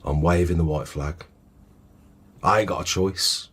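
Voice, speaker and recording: A man voicing a beaten male fighter who is giving up, in a deep, husky voice. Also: steady tone, a little slow, a bit bright, heavily acted. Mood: defeated.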